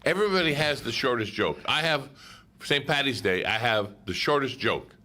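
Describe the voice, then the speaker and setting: A man co-hosting a radio chat, playful and teasing, with quick interjections. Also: mid-range voice, expressive, pushed and bright. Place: radio studio.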